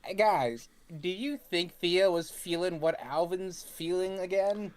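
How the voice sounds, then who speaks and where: A man's voice: high voice, measured pace, clean tone. A man reading and chatting casually, stumbling and correcting himself. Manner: hesitant, stumbling, self-correcting. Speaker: fanfic reader. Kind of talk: casual comedic chat.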